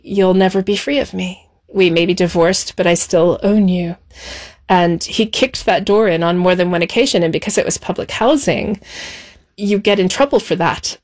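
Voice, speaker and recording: A woman recounting her past in an interview. She speaks in a measured, reflective way, pausing softly between thoughts. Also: medium pitch. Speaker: interview guest. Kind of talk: personal recollection.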